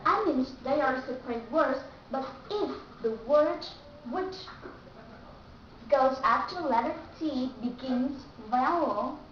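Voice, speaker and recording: A woman's voice: high voice, animated, takes it slowly, a little hiss or hum. A woman teaching English pronunciation, explaining carefully with self-corrections; her first language is Vietnamese. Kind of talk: slow explanatory lesson. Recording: echoey, distant, dull lo-fi room audio.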